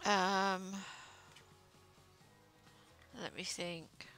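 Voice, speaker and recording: A woman talks casually to her stream as she knits, rambling from one thing to the next and filling gaps with ums and uhs. Her voice sits a little low but sounds bright and crisp, and she takes her time. Faint music plays underneath. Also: level tone, drawn-out words. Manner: rambling, chatty, with many fillers. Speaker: livestreamer. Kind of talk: casual chat while knitting.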